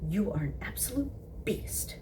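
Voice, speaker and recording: A woman's voice: mid-range voice, lively intonation, a little slow, warm tone, a little hiss or hum, voice pushed up, lightly acted. A woman voicing a flustered, prim male angel who is fussy and easily offended, with a huffy, fluttery way of speaking.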